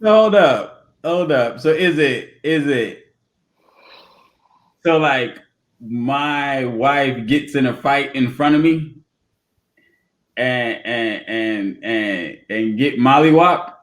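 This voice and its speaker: A man, co-hosting a casual debate podcast, joking and often laughing while he builds his point slowly. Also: mid-range voice, fairly bright tone. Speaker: podcast co-host.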